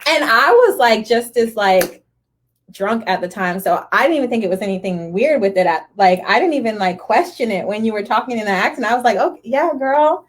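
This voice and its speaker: A woman's voice: medium pitch, animated, a little fast. A woman in her thirties co-hosting a podcast in casual chat, telling stories with casual fillers. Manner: chatty, laughing teller with casual fillers. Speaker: podcast co-host.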